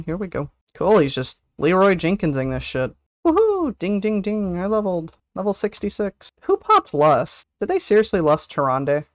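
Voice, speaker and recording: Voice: medium pitch, no echo, clean studio sound. Chatty gamer streaming with whoops. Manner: chatty, teasing, hums and sings to self, excited whoops. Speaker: livestream host playing an online game. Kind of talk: casual gameplay commentary.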